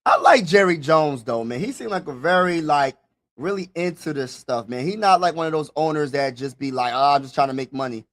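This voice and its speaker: A young man hosting a live draft reaction stream, talking casually and excitedly straight to his viewers and repeating himself. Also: a little high, moderate pace.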